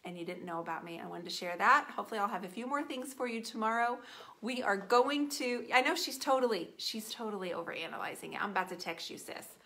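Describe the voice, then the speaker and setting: Painting furniture as she talks, a middle-aged woman keeps up a lively, playful chat with her audience, tossing teasing remarks to viewers by name. She speaks quickly in a gravelly, mid-range voice, with a faint hiss or hum in the recording.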